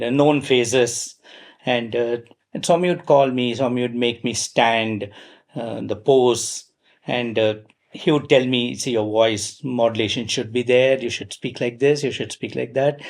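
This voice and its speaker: A middle-aged man, telling personal stories at a devotional gathering in a lively way, with frequent fillers and self-deprecating asides. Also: mid-range voice. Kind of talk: anecdotal storytelling talk.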